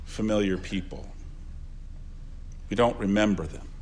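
An older man, a pastor, preaching an earnest funeral sermon, repeating phrases and swinging between soft asides and louder emphasis. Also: mid-range voice, animated, measured pace, a little hiss or hum.

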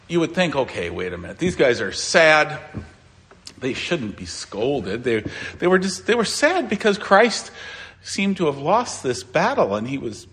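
A man preaching a sermon as pastor, conversational and halting, with many restarts and fillers. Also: on the high side, fairly bright tone. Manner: conversational preaching, explaining scripture.

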